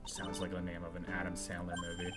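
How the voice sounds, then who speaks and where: A man's voice: low voice, completely flat delivery, fast. Joking man over game music. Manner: joking asides, trailing off. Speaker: game streamer. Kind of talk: casual let's-play commentary.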